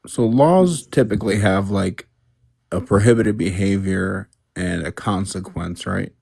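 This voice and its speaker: A man's voice: low-pitched, a little slow, vocal fry, a little mellow, breathy edge, no echo, clean studio sound. A man on a casual debate podcast who challenges the others with probing, pointed questions. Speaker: podcast co-host.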